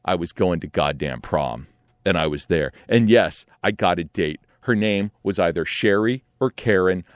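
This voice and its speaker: A man in his forties telling a comic personal story in an animated, profane, rambling style, often saying "like" and "right?". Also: deep voice, moderate pace, no echo, studio quality.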